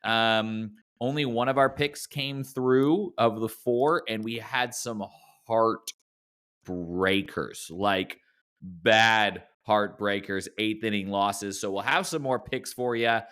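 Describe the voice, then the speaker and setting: A man's voice: medium pitch, measured pace, few pauses, a bit bright. A man with a Canadian accent hosting a casual podcast chat over a remote call, jokey and self-mocking. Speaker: podcast host. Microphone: remote call mic.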